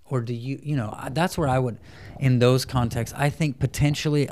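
A man in his thirties, a parenting coach, chatting in an interview and softly acting out talks between parents and children. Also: medium pitch, steady tone, moderate pace, slight background noise. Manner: acts out parent and child dialogue in a soft voice. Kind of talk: casual interview chat.

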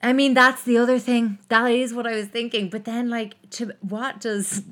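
A woman's voice: a little high, flat delivery, moderate pace, a bit bright. A young woman co-hosting a podcast, chatting in a wry, gossipy way. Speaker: podcast co-host. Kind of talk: casual chat.

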